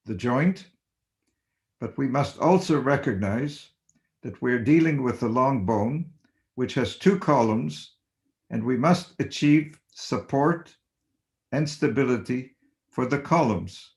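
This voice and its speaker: An older man, a surgeon, giving a measured, deliberate webinar lecture and stressing basic principles. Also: medium pitch, darkish tone. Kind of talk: slow academic lecture. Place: home or office on webinar.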